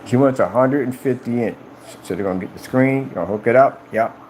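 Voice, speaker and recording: A man talking casually on a live stream about his company's products, boastful and animated, often acting out conversations in a raised voice. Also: a little fast, slight background noise, rough recording. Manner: animated, boastful, retells conversations in high-pitched quoted voices.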